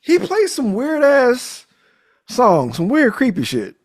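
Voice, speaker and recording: A man's voice: extremely high pitch, takes it slowly. A man hosting a podcast, recapping a movie in a casual, jokey, profane way. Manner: animated, profane, jokey storytelling. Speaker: podcast host.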